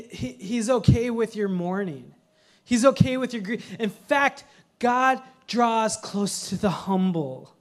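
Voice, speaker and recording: A man preaching a sermon in a conversational way, mixing humorous family stories with earnest teaching and swinging from hushed lines to loud ones. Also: high voice. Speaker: pastor.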